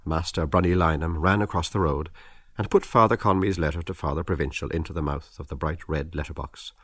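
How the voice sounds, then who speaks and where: Deep-voiced man reading a novel aloud. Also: husky, dry recording, studio quality. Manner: measured, expressive literary reading. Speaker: audiobook narrator. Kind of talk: scripted narration.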